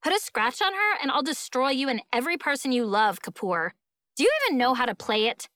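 A woman's voice: high voice, lively intonation, a little fast, a bit bright, no room sound, studio quality. Woman reading as a snappy teen rocker girl, scowly, threatens everyone, audiobook voice. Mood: menacing. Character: sharp-tongued teen girl guitarist.

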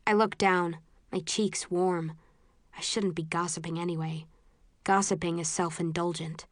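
A woman reading a first-person audiobook in a measured, low-key way. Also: steady tone, no echo, clean studio sound. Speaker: audiobook narrator.

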